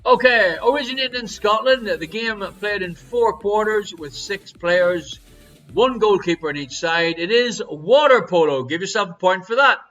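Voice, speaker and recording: A man hosts a live online quiz with a high, bright voice. He reads out questions with jokey showman patter and sudden loud calls of each number. Faint music plays behind him. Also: lively intonation, normal speed, rough recording. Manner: jokey, showy quizmaster patter with big swings in loudness. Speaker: quiz host. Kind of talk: live-streamed pub quiz hosting. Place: home streaming setup.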